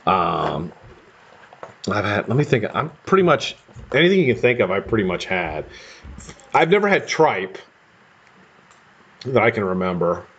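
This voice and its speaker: A man's voice: lowish voice, big pitch swings, a little slow, pauses often, fairly bright tone, breathy edge. An American man hosting a live stream, chatting casually and rambling with casual swearing while he builds coils. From United States. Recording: dull lo-fi stream audio.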